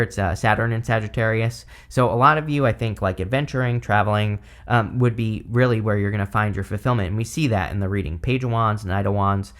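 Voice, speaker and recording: A man in his thirties with a slightly hoarse voice, casually talking through a tarot reading, rambling and filling his speech with "like" and "you know". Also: mid-range voice, fairly bright tone. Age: 30s. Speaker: tarot reader.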